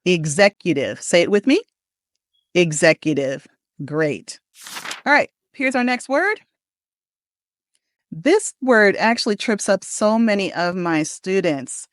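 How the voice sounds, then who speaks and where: Speaking in a mid-range voice, this American pronunciation coach is very animated as she runs an upbeat lesson. She pronounces model words slowly and with care for the listener to echo back, captured in a dry, studio-quality recording.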